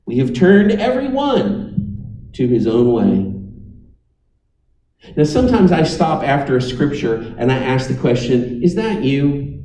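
Man, pastor, sermon, unhurried delivery, wry humor, roomy echo. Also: mid-range voice, mellow, far from the mic.

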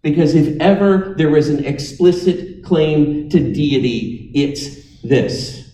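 A man's voice: on the high side, expressive, warm tone, far from the mic. Emphatic preacher man in an echoey room. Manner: emphatic, dramatic pauses, invites congregation to repeat. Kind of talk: sermon.

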